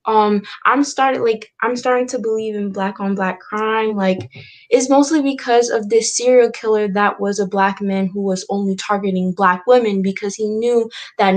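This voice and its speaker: A woman on a livestream panel speaking in casual chat, hesitant, with many fillers and restarts. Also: medium pitch.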